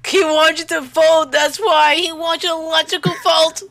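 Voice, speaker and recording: A woman's voice: very high-pitched, level tone, normal speed, a bit bright. A woman hosting a casual gaming session with a friend, shrieking, panicking and laughing often as the game chases her. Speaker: gaming channel host.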